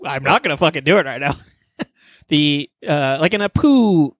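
A man's voice: a little high, lively intonation, moderate pace, fairly bright tone, dry recording. A man on a podcast in casual chat, rambling and flustered, swearing often and laughing nervously. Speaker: podcast co-host. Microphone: studio microphone.

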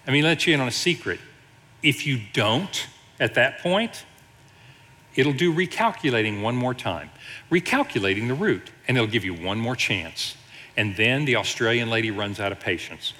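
A middle-aged man preaching a sermon, his pitch swinging widely as he jokes and teaches. His voice is bright and forceful, and it carries a long reverb from the church sanctuary. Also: moderate pace. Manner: animated, joking asides. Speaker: executive pastor.

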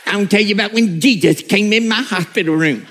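A man's voice: sits high, fast talker, a bit bright. Man doing a whiny old preacher on tape. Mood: earnest.

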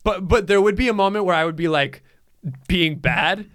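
A man telling funny family stories in casual chat, excitable and acting out quotes. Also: sits high, normal speed, no room sound, clean studio sound. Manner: excitable storyteller, acts out quotes.

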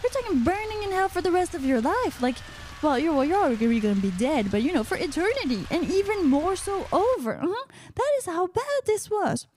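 High, lively woman host. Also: a little fast, slight background noise. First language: French. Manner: playful, chatty, sprinkles "uh-huh" affirmations. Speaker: radio host. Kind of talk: casual radio monologue.

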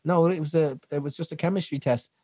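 A man guest on a podcast, telling lively stories, acting out what people said and laughing often. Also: on the high side, fast talker, breathy edge, no room sound. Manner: animated storyteller who acts out quotes and laughs often. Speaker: guest, dancer, singer and actor. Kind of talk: casual interview chat.

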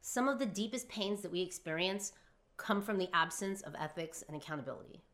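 A young woman telling a personal story in an emphatic, profane monologue, swinging from hushed to shouting. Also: medium pitch, expressive, fairly quick. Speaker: philosophy vlogger.

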